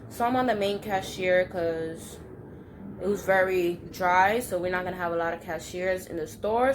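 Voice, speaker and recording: A woman's voice: fairly low pitch, a little hiss or hum. A young woman recounts a story straight to camera in a blunt, fiery way, swearing freely. She rambles and circles back with fillers, keeping it loose and casual. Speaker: storytime vlogger.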